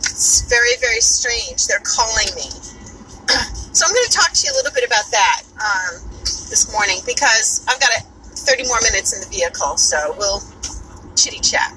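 A woman's voice: fairly high pitch, expressive, normal speed. A woman with a New York accent chatting casually while she drives, rambling and swearing freely, speaking as a podcaster. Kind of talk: casual chat while driving. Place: inside a moving car. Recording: car road noise behind. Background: car and road noise.

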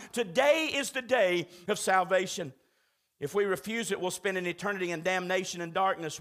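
High, bright-voiced preacher man. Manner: emphatic preaching, urgent and repetitive, calls out to congregation. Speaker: pastor. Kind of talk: sermon. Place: church.

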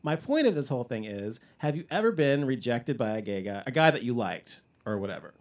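A man's voice: mid-range voice, a little fast. A middle-aged man hosting a casual podcast chat, telling stories animatedly, laughing often and acting out what people said. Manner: animated storyteller, laughs often, acts out quotes. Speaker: podcast host.

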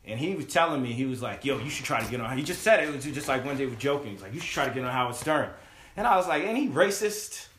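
A man's voice: medium pitch, very fast, a little hiss or hum. A man telling a story in a casual chat, acting out the voices of the people in it and swearing freely. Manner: animated, acts out voices in quotes, swears freely. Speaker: podcast guest telling a story. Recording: echoey room.

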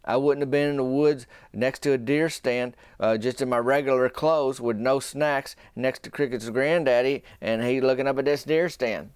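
A man's voice: medium pitch, steady tone, moderate pace, hardly any pauses, smooth, no room sound, studio quality. A man hosting a podcast, telling a rambling, folksy story in a casual way. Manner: folksy, rambling, drops into a whisper at times. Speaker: podcast host.

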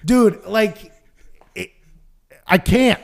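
A young man co-hosting a podcast, telling a story with excitement, laughing and swearing, and acting out the people in it. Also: high voice, very slow, vocal fry. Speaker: podcast co-host. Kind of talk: animated storytelling chat.

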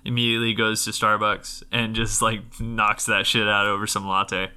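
A man's voice: fairly low pitch, little pitch movement, normal speed, pushed and bright, clean tone. A man co-hosting a podcast, chatting in a laid-back way with easy fillers. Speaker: podcast co-host. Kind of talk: casual chat.

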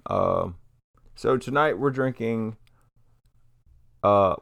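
A man's voice: lowish voice, animated, normal speed, gravelly, a bit bright, no room sound. A man co-hosting a casual podcast, laid-back and swearing casually, often trailing off and restarting. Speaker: podcast co-host.

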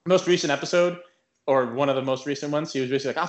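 A man's voice: on the high side, very fast. A man co-hosting a podcast, telling a long story in casual chat, full of filler words and acted-out quotes. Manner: rambling, heavy filler words, retells stories with acted-out quotes. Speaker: podcast co-host.

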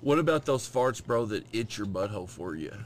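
A man with a lowish voice trades crude talk on a podcast, swearing loosely and laughing easily. Faint noise sits under the recording. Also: lively intonation. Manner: loose and profane, quick to laugh and agree. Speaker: podcast co-host. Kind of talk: crude casual chat.

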